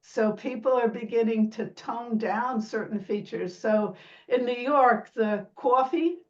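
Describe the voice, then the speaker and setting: A woman's voice: on the high side, fairly even intonation, unhurried, darkish tone, far from the mic. Lo-fi woman linguist explaining vowels. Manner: imitates vowel sounds, laughs lightly. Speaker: sociolinguist guest. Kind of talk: explanatory interview talk.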